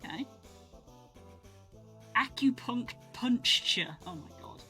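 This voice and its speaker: A woman streaming, chatting casually as she opens trading cards, breaking into excited exclamations. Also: a little high, slow, faint music behind. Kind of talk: casual live-stream card-opening commentary.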